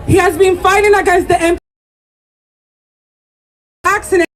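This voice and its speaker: Very high-voiced woman calling out at a rally. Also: fairly even intonation, a little slow. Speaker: rally speaker. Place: outdoor city rally. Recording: distant livestream mic in noisy crowd.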